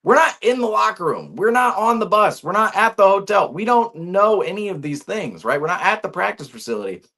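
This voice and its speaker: A man's voice: high voice, brisk. A man hosting a sports talk show, giving his opinions in a casual, ranting way, full of restarts and rhetorical questions. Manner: animated, ranting, many restarts and rhetorical "right?". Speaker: sports podcast host.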